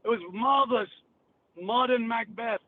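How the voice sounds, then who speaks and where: A man's voice: very high-pitched, normal speed. A man rambling bluntly and cursing on a call-in show. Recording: tinny phone line with hiss.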